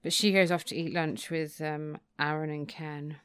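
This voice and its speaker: A woman's voice: sits low, steady tone, moderate pace, smooth, dry recording, clean studio sound. A woman co-hosting a casual podcast, retelling a book's plot and laughing often. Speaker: podcast co-host. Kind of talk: casual chat recapping a book.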